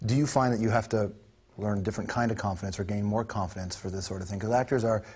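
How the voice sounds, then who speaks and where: Husky-voiced, quick-talking male host. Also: lowish voice, steady tone, a little mellow. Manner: quick, playful interviewer. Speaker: talk show host. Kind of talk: talk show interview.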